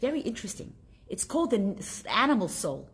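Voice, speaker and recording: Lively woman teaching a class. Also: medium pitch, fast. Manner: lively, asks the class questions.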